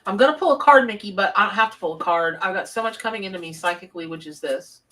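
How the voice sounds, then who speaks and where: Lady tarot reader chatting on a livestream, bright voice, bit far off the mic. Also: mid-range voice, animated, fast talker. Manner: chatty, effusive, reads out viewer names. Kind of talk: live-stream chat and readings. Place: home office.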